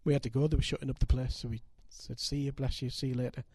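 An older man, preaching a sermon and telling stories with animated, emphatic delivery. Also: medium pitch, quick pace, no echo. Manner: animated, building to loud emphatic peaks. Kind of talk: sermon with storytelling.

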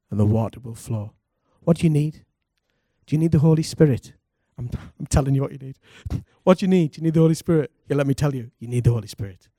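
A man, a pastor, preaching a lively sermon and calling on the congregation to respond. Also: mid-range voice, breathy edge, no echo, clean studio sound. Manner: animated preaching, calls for congregation responses, laughs.

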